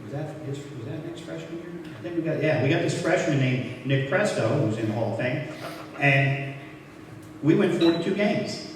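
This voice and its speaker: A man's voice: fairly high pitch, expressive, normal speed, slight background noise. An older man giving a self-deprecating, anecdote-filled speech at an awards event, acting out old conversations as he goes. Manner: anecdotal, self-deprecating, quoting others in dialogue. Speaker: hall of fame inductee speaker. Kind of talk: storytelling speech. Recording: echoey hall from far off.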